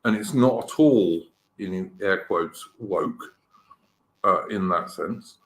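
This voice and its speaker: A man's voice: deep voice, slow, fairly bright tone, reverberant. A middle-aged man with an English accent, hosting a casual live-stream chat, rambling and opinionated. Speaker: podcast host.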